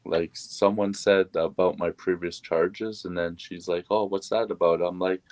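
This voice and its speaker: Chill guy with a really low voice, talks dry and close, easygoing. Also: steady tone, moderate pace, a little mellow, dry recording. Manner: laid-back, brief replies. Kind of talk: casual chat.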